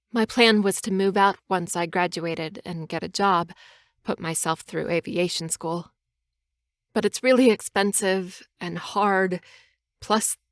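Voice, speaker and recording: A woman narrating an audiobook in the first person, soft, measured and earnest. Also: medium pitch, dry recording, clean studio sound.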